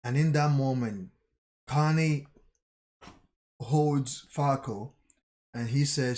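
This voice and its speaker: A man hosting a channel, retelling a manga chapter in a halting way with restarts. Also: medium pitch, darkish tone. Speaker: channel host. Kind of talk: reading and recapping a manga chapter.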